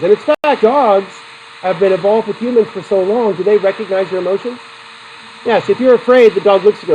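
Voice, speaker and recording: A psychology instructor gives a classroom lecture in a high-pitched, mellow voice, speaking a little fast. His teaching is chatty and digressive; he laughs often between points and puts questions to his students. The rough recording carries slight background noise.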